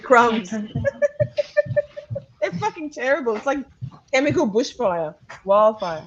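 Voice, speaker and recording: A woman's voice: on the high side, sing-song, takes it slowly, long pauses, slightly rough, dull audio. A woman rambling and laughing as she chats casually on a live stream, swearing freely. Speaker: true crime streamer. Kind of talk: casual live-stream chat over court footage.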